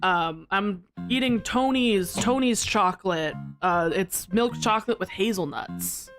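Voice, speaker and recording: A woman's voice: on the high side, sing-song, slow pace, long pauses, fairly bright tone, soft background music. A woman streamer chatting with her viewers live, bubbly and giggly, laughing often.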